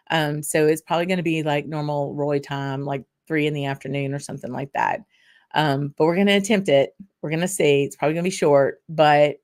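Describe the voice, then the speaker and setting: A chatty woman with a Southern US accent hosts a relaxed whisky show, her voice sitting low for a woman. She rambles along with plenty of ums and light laughs, stopping now and then to savor a sip. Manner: tasting and sipping between remarks. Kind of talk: casual livestream chat.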